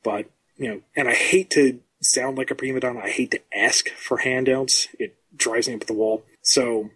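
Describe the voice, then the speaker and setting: A man who writes comics, talking as a podcast guest in a measured, self-deprecating way with frequent ums. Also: medium pitch, steady tone, a bit bright, slightly rough. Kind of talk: casual podcast chat.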